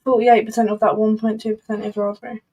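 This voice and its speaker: Higher-voiced woman chatting casually. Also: flat delivery, fast talker, warm tone. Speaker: co-host friend. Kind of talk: casual chat.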